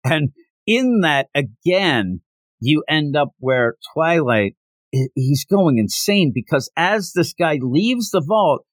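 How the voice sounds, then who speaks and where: A man's voice: fairly high pitch, sing-song, slow, no echo. A man hosting a podcast, casually recapping a manga chapter and briefly acting out the characters' lines and sound effects. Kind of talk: casual recap with quick voiced quotes.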